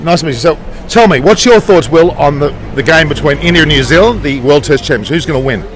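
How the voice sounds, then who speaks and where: A fast, chatty man works a street with a handheld mic, firing questions at passers-by. His voice sits a bit high and bright with enthusiasm, and city traffic hums around him outdoors. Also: animated. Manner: upbeat, chatty, quick-talking. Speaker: street interviewer. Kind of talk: vox pop street interviews.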